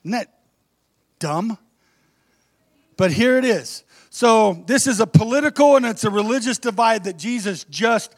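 A man's voice: sits high, expressive, measured pace, pauses often, no room sound, clean studio sound. A man, a pastor, preaching a casual, conversational sermon and throwing rhetorical questions at the congregation.

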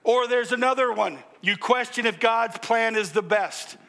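An older male pastor preaching a sermon, joking and animated, calling out to the congregation and now and then breaking into loud exclamations. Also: very high voice, moderate pace, gravelly, hardly any pauses.

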